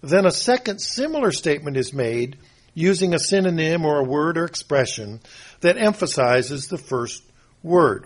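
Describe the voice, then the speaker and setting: An older man preaching a rambling, homespun sermon, often pausing to clear his throat. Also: a little high. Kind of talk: folksy sermon.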